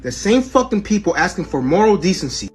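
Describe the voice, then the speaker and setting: A man rants with heat and swears nonstop, his pitch swinging widely. His voice sits a little high. Faint music plays behind him. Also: big pitch swings, fairly quick. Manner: heated, profane rant. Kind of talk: casual video rant.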